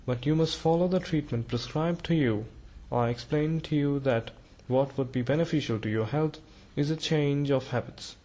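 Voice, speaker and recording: A man reading a storybook, voicing a grave, probing male doctor who speaks deliberately, with grunted pauses. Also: on the high side, darkish tone, lightly acted. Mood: insistent.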